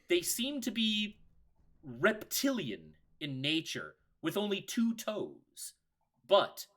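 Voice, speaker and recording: A man narrating a tabletop game as game master, in slow, dramatic storytelling. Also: on the high side, a bit bright.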